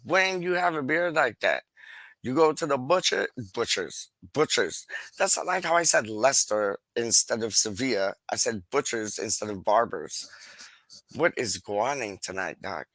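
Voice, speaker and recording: A man hosting a live stream, chatting casually and reading out viewer comments in a slangy, animated way, with frequent laughs and repeated catchphrases. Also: medium pitch, normal speed, no room sound, low-quality recording.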